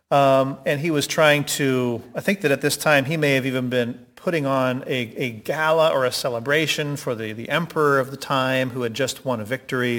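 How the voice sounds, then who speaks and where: A man leading a Bible study discussion, reading scripture and explaining it in an animated, halting way with many restarts. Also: mid-range voice. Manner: animated, halting, self-correcting.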